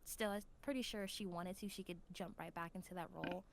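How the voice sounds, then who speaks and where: A woman's voice: fast, vocal fry. A woman hosting a podcast in casual chat, talking with chatty enthusiasm. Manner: chatty and enthusiastic, lively pitch swings. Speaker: podcast host.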